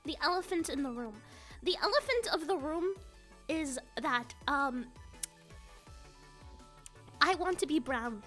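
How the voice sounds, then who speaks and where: A woman streamer chatting casually on a live stream, excitable and giggly, often repeating herself. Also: sits high, a little slow, pauses often, soft background music. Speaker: live streamer with an avatar model.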